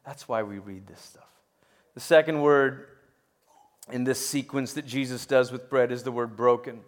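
A middle-aged man preaching a sermon as pastor, rising to loud emphatic peaks and dropping to soft, hushed storytelling, with frequent stammers and restarts. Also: mid-range voice, fairly even intonation, moderate pace.

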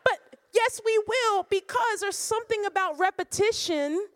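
A woman worship pastor preaching a lively sermon, laughing and breaking into song now and then. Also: very high voice, moderate pace, dry recording. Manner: animated preaching, bursts of laughter, sings lines. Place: church or conference room.

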